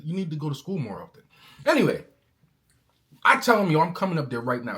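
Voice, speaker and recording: Man, casual vlog rant, angry, slangy, lively swooping voice. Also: fairly high pitch. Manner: animated, slangy, calls listener bro. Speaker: car owner vlogger.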